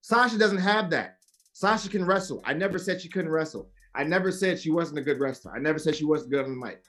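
A man's voice: on the high side, fast talker, fairly bright tone. A man arguing his side in a heated wrestling debate on a podcast, emphatic and insistent, repeating his points.

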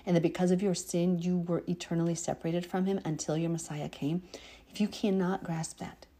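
A woman's voice: lowish voice, little pitch movement, a little fast, mellow. A woman giving an informal, earnest Bible teaching, reading verses aloud and explaining them in a preachy, heartfelt way. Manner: earnest, preachy, chokes up emotionally.

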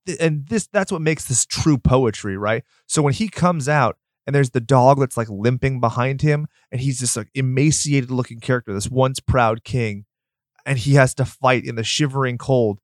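A man co-hosting a podcast, chatting casually about a movie, excitable and quick to rant and swear. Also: mid-range voice, no echo, clean studio sound. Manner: excitable, swears, gets loud when ranting. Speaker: podcast co-host.

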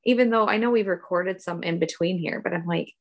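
Middle-aged mom co-hosting a casual chat podcast, chatty and rambling. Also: female voice, fairly low pitch, a little fast. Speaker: podcast co-host, mother.

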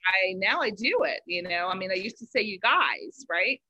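A woman's voice: mid-range voice, animated, normal speed, sharp tone, breathy edge, dry recording. A woman from Los Angeles with a slight Southern lilt, chatting as an interview guest and filling her talk with "you know.". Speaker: guest, baker. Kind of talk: casual interview chat.

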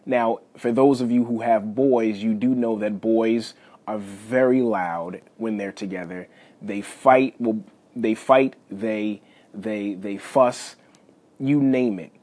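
Husky-voiced father telling a story. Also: lowish voice, takes it slowly. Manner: folksy, animated storytelling, addresses listeners as y'all. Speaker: podcast host. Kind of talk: casual storytelling monologue.

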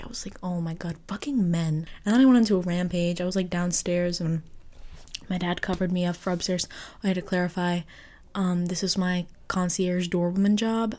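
Chatty New woman telling a story. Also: on the low side. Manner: chatty, expressive, lots of fillers and mild swearing. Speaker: podcast host. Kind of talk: casual storytelling monologue.

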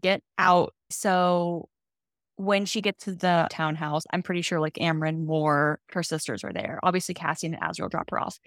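Young female podcast co-host, lowish voice, dry close-mic sound, chatty recap delivery. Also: normal speed, no echo. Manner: chatty, animated storytelling, lots of "like". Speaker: podcast co-host explaining fantasy books. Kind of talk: casual chat.

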